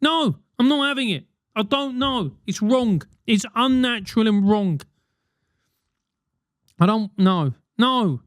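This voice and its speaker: A man hosts a solo comedic advice podcast, rambling and swearing his way through comic rants. His voice is high-pitched with lively intonation, and he takes it slowly. The studio sound is clean, with no echo.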